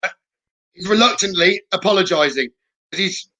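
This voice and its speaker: A man's voice: sits high, normal speed, bright, forceful tone, dull audio. A man giving spirit messages as a psychic medium, reassuring and punctuating with "okay?". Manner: reassuring, keeps adding "okay?". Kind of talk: live spirit-message reading.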